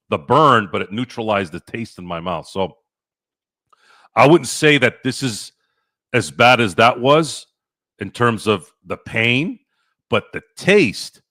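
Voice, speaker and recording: A man hosting a livestream, chatting casually and telling a profane, animated story with many restarts. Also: mid-range voice, no echo, studio quality. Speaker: podcast host.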